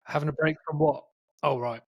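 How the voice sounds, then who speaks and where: A man's voice: a little high, fairly even intonation, brisk, husky, dry recording, studio quality. Jokey man hosting a podcast. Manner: jokey, laughing, plays with silly accents. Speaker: podcast host. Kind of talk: casual podcast chat.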